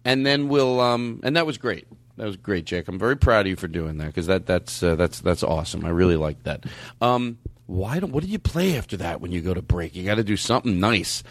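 A man hosting a podcast, excitable and rambling, often stopping and restarting. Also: deep voice, brisk, no echo. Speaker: podcast host. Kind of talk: casual podcast chat.

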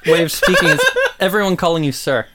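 A podcast co-host in casual chat, with a dry, offbeat wit. The voice sits in an ordinary middle pitch, and the remarks land flat and unhurried. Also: very noisy.

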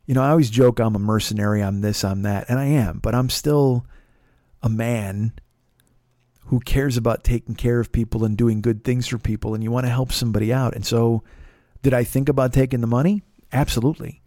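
A man's voice: medium pitch, fairly even intonation, a little fast, dark tone, no echo, clean studio sound. A middle-aged man and comedian telling a rambling, profane story in a casual monologue, often restarting and repeating words. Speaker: comedian and podcast host.

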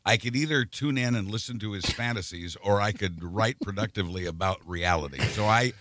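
Emphatic man with a bright, low voice. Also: brisk. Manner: emphatic, repeats words as he builds a point. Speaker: podcast co-host. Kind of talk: casual political chat.

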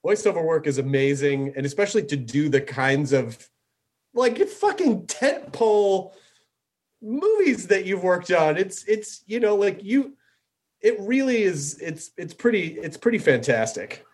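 A man hosting a podcast in casual chat, excitable and full of fillers, swearing casually. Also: high-pitched, unhurried. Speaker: podcast host.

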